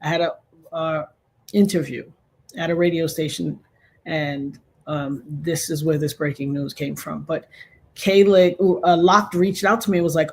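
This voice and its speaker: A woman's voice: low-pitched, fairly even intonation, measured pace, a little mellow, breathy edge. A woman hosting a casual livestream, talking straight to her viewers in an effusive, churchy way and praising God. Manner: addresses viewers directly, rallying likes. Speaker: livestream host.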